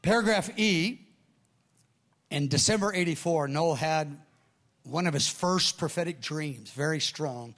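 Middle-aged man, preacher, lively sermon storytelling with voiced dialogue, slightly high-pitched. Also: a little slow. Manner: animated storyteller, acts out quoted dialogue.

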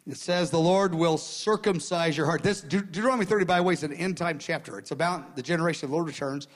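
A man preaching a sermon in an earnest way, repeating phrases and swinging from quiet murmurs to loud outbursts. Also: on the high side, fast.

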